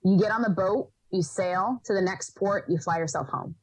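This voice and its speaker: A young woman from Rhode Island telling stories as a podcast guest, animated, laughing often and acting out what people said. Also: mid-range voice, moderate pace, a little hiss or hum, rough recording. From Rhode Island, USA. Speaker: podcast guest, environmental educator. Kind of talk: casual storytelling in an interview.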